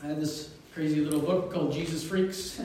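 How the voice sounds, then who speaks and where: A male pastor preaching a sermon, telling a story with animated asides, chuckles and pauses. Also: fairly high pitch, very echoey, distant mic, slight background noise, rough recording. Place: church sanctuary.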